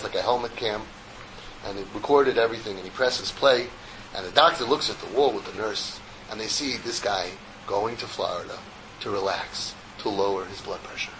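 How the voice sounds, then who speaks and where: A man giving a Torah lecture to a group as rabbi, an animated storyteller who slips in jokes. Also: on the low side, normal speed, background noise.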